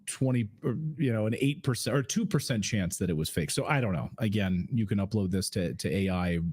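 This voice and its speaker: A man's voice: fairly low pitch, a little fast, a little mellow, slightly rough. A man hosting a casual political commentary stream, rambling, with frequent fillers and restarts.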